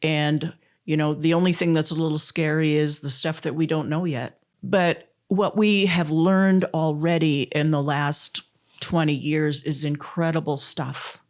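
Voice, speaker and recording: A woman's voice: sits low, flat delivery, unhurried. A middle-aged woman from Missouri, a volunteer advocate telling a story in an interview, laughing often and close to tears.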